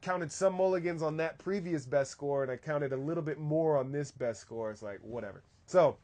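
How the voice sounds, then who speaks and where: A man's voice: fairly high pitch, moderate pace, mellow. A man hosting a live golf talk stream, chatting casually and answering viewers' questions. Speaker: golf coach host.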